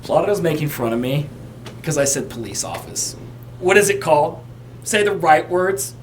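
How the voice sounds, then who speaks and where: A male podcast host chats casually and jokes with his friends, laughing often. His pitch swings widely and animatedly as he teases them. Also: animated, moderate pace, slight background noise. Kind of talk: casual chat.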